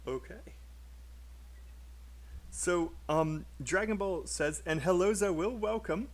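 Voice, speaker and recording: A man's voice: sits high, takes it slowly, long pauses. A British man who teaches English in a live online class, upbeat and explaining, modelling sentences aloud for his students.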